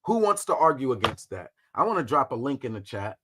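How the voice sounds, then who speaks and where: A man hosting a casual livestream, talking through history in a slangy, profane, animated way. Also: mid-range voice, a little fast, noisy background. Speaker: host.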